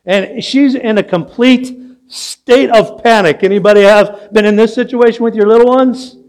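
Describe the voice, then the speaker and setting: A man's voice: high-pitched, steady tone, moderate pace, darkish tone. An older man preaching a sermon as pastor, telling a story and asking the congregation questions. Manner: storytelling, asks the audience questions. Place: church sanctuary.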